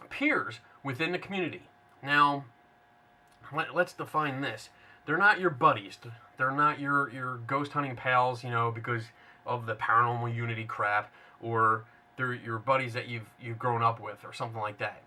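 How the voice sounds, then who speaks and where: A man's voice: medium pitch, bright, forceful tone. A man hosting a casual, unscripted monologue, blunt and sarcastic, rambling with frequent restarts. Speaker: paranormal skeptic host.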